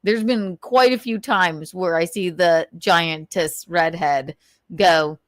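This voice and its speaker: A woman's voice: lowish voice, slow, dry recording, studio quality. A woman hosting a casual livestream, rambling and gossiping, swearing freely as she vents. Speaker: livestream host.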